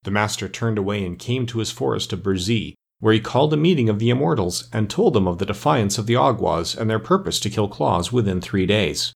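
A man narrating an audiobook chapter in a measured, even storytelling manner. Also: fairly low pitch, creaky, slightly rough.

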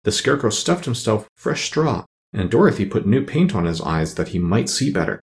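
A man's voice: on the low side, brisk, vocal fry. A man reading a children's storybook aloud as narrator, voicing each character in turn. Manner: expressive, voices each character. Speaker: audiobook reader.

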